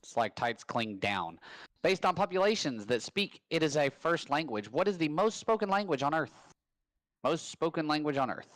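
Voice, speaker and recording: A man's voice: on the high side, very animated, fairly bright tone, no room sound. Upbeat man hosting live trivia. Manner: rambling, upbeat, quick bursts of hype. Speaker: trivia host. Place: home.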